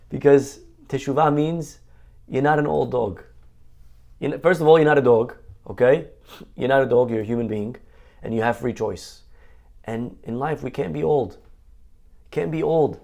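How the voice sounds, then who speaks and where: A man, a rabbi, giving an animated sermon and acting out other people's voices. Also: mid-range voice, vocal fry. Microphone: online class mic.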